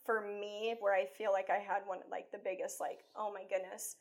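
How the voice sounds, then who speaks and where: Woman coach chatting on a podcast, lively, keeps saying like and you know, mid pitch. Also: moderate pace. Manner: acts out her own inner thoughts while telling stories. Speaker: life coach and salon owner, interview guest. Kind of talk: conversational interview.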